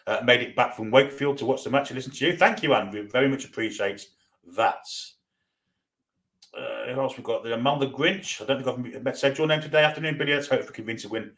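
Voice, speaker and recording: A man's voice: mid-range voice, fast talker, fairly bright tone. Chatty Geordie man hosting a fan stream. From North East England. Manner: chatty, reads out viewer comments with banter. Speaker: fan watchalong host. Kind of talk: live stream chat reading.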